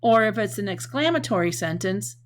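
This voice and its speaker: A woman teacher talks through a lesson in a patient, clear way, her voice sitting at a middle pitch. She is recorded with a faint hiss of noise behind her. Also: brisk. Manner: clear, patient explaining with expressive example sentences.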